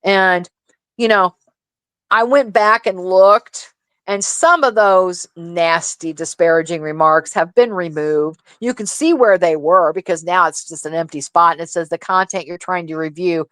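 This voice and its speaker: A woman co-hosting a casual livestream chat, telling gossip in an animated, profane, laughing way. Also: lowish voice, a little slow, no room sound. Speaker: livestream co-host.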